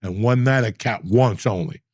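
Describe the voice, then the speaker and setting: A man guesting on a casual chat, animated and often laughing and exclaiming. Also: fairly low pitch, moderate pace, slightly rough, dry recording, clean studio sound. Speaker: guest comedian.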